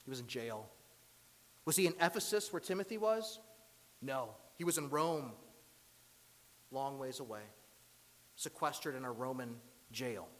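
Man, pastor, sermon, emphatic, loud-to-hushed swings, long church reverb. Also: mid-range voice, lively intonation, unhurried, pauses often. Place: church sanctuary.

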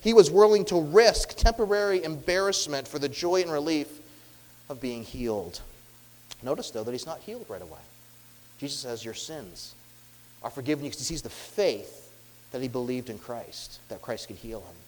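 A man's voice: mid-range voice, expressive, normal speed, a little hiss or hum. Earnest man preaching in a reverberant hall. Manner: earnest, questioning, drops softly for quoted words. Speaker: pastor. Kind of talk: sermon.

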